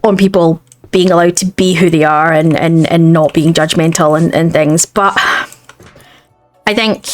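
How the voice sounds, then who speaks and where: A woman's voice: low-pitched, steady tone, measured pace, faint music behind. Rambling Scottish woman gamer. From Scotland. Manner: rambling, chatty. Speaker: gaming video creator. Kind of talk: casual chat while playing a game.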